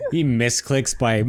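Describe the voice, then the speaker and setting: A man hosting an esports stream, chatting casually and crudely with his co-casters. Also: mid-range voice. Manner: joking, crude, laughs often. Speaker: esports caster and show host. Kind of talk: casual pre-match chat.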